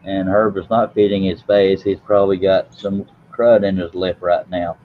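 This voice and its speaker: A man with a fairly low voice hosts a late-night chat, rambling and teasing. His voice comes through a thin, phone-like line. A faint hiss sits under his speech. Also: flat delivery, normal speed. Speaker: live stream host.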